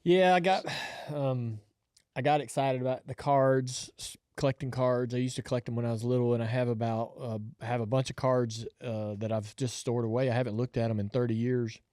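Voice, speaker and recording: Man in his fifties, podcast co-host, animated storyteller, dry close mic. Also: medium pitch, brisk, no room sound. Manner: animated storyteller, laughs often. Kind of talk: casual storytelling chat.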